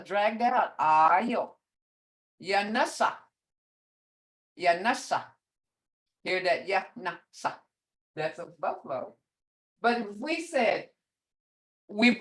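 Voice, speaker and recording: An older woman leads an online beginner language class at a very unhurried pace. She repeats each word patiently and chuckles often as she explains. Her voice has a middle pitch for a woman. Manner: slow, patient, repeats words to model sounds. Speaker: language teacher. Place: video call.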